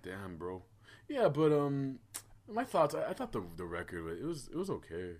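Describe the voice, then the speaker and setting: A man's voice: medium pitch, huge pitch swings, moderate pace, darkish tone. A man co-hosting a podcast in casual chat, hesitant and swearing freely between his fillers. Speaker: podcast co-host.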